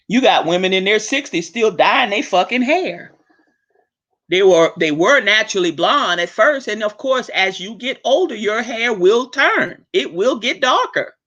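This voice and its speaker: A woman hosting her own show, ranting bluntly and swearing freely, with sharp swings up and down in pitch. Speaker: host. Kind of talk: profane ranting monologue. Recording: dull lo-fi recording.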